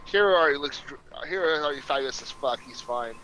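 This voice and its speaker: A man's voice: medium pitch, animated, fast, bright, forceful tone, a little hiss or hum, rough recording. A man playing a tabletop game on stream, hesitant and casually swearing. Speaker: player.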